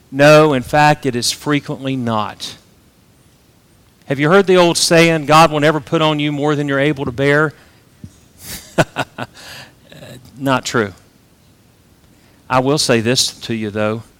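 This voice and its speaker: A man preaching a sermon, rising to loud emphatic peaks and dropping to soft, low asides.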